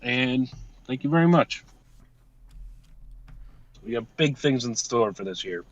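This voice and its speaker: A man's voice: mid-range voice, animated, a little slow, dry recording, highs cut off. Swearing man reading thank-yous. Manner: swears casually, reads off a thank-you list. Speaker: podcast co-host. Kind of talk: casual podcast chat.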